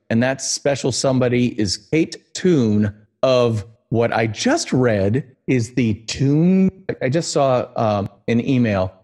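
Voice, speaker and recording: In this relaxed interview chat, a podcast host from the United States jokes around and drifts into long tangents. The man has a mid-range voice with a somewhat dark tone.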